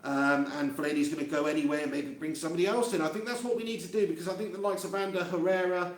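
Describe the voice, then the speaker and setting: A fan channel host with a high-pitched, steady voice talks fast on a live fan reaction stream, chatting casually, laughing often and reading viewer comments aloud. He holds a handheld mic close to his face in an empty room, and the recording echoes.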